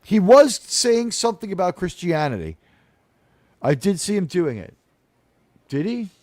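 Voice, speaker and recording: A man's voice: sits high, sing-song, measured pace, a little mellow, dry recording. A man hosting a casual podcast panel, talking in a rambling, sarcastic way with mocking asides. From United States.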